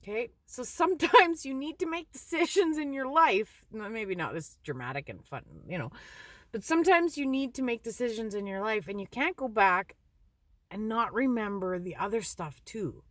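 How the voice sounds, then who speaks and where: A middle-aged woman telling stories in a casual, animated way, laughing and swearing lightly. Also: fairly high pitch, normal speed, no echo. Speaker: card reader. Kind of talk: casual storytelling.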